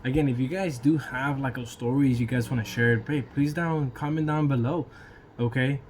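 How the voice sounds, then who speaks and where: A man's voice: medium pitch, normal speed, a little mellow, a little hiss or hum. Chatty man telling a story. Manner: loose and chatty, laughs between lines, swears casually; fills talk with "you know" and "right?". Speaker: YouTube storyteller. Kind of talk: casual storytime vlog.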